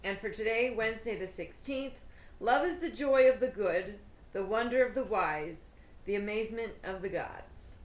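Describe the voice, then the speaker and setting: A woman's voice: mid-range voice, normal speed. Bubbly woman host in an echoey kitchen. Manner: bubbly, self-deprecating, rambling with fillers. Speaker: host of a cooking show. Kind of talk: casual cooking vlog chat.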